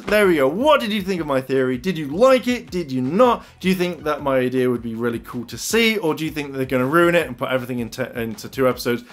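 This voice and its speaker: Excited young man vlogging. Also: mid-range voice. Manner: excited, animated storytelling with quick acted asides. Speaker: YouTuber. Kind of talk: casual fan theory vlog.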